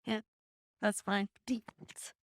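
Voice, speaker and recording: A woman hosting a podcast, chatting in a friendly, unhurried way over a video call and letting her sentences trail off softly. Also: mid-range voice, level tone, no echo, clean studio sound. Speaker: podcast host. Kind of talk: casual chat. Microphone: video call with headphones.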